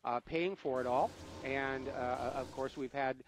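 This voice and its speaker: A man's voice: medium pitch, a little slow, slight background noise, poor audio. A man hosting a talk radio show, asking questions and cutting in with pointed remarks, often hesitating with "uh". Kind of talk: radio interview.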